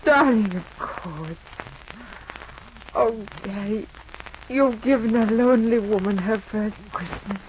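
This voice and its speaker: An actress playing a lonely, wealthy middle-aged unmarried woman in a 1940s radio drama, speaking softly and emotionally. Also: fairly high pitch, steady tone, a little slow, close to an everyday voice. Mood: tender. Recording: muffled old radio recording with hiss.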